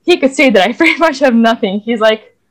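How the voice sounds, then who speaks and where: A woman's voice: fairly high pitch, expressive, brisk. A young woman hosting a podcast conversation, candid and chatty with lots of fillers. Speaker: podcast host. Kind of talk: casual conversation.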